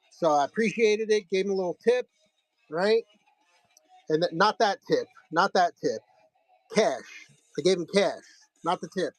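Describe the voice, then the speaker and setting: A man's voice: high voice, dry recording, low-quality recording. A man hosting a live comic sale, telling a rambling, profane story in a casual way.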